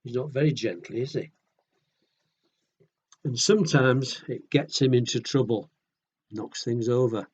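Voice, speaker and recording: A man reading picture books aloud to children in a gentle, chatty way, often asking the listener questions. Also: medium pitch, a little slow, pauses often, breathy edge, highs cut off. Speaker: children's storyteller.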